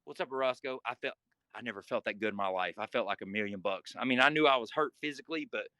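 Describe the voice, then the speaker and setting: A man's voice: on the low side, fast, sharp tone, dry recording. A man telling a guest story in casual, vivid, profane talk and acting scenes out.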